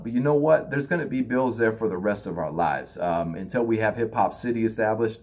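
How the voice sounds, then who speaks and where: A man's voice: lowish voice, lively intonation, a little fast, hardly any pauses, darkish tone. A man giving a loose, conversational spiritual talk, now and then acting out other people in raised voices. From United States. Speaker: spiritual teacher.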